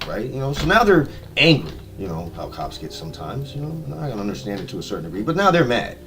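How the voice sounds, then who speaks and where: Animated man rambling a tall tale. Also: fast, hardly any pauses. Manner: swearing, animated, swings from low mutters to loud outbursts. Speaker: live streamer telling made-up stories. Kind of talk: improvised rambling storytelling. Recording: distant mic with music playing.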